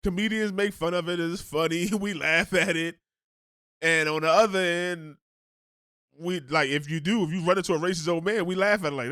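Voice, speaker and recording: A man's voice: high-pitched, moderate pace, fairly bright tone, no echo, clean studio sound. A man hosting a reaction show, talking in a casual, slangy rant and laughing often.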